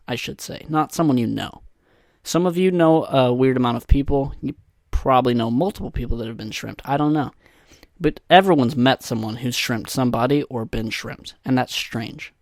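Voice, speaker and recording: Young male solo podcaster, mid-pitched, crude rambling humor, dry booth-like sound. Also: normal speed, dry recording. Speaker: podcast host. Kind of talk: solo casual podcast monologue. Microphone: podcast microphone.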